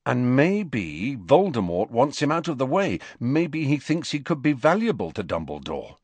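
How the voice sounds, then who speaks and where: A man's voice: medium pitch, big pitch swings, measured pace, no room sound, pitched above the performer's own voice. A man reading aloud and voicing an earnest, slightly awkward teenage boy close to his own voice. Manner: plain, awkward.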